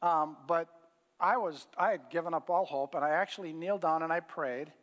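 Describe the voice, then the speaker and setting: A man's voice: a little high, moderate pace, a bit bright. A middle-aged man preaching in a casual, folksy storytelling way with lots of fillers. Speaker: pastor. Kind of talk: sermon storytelling. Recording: hall reverb.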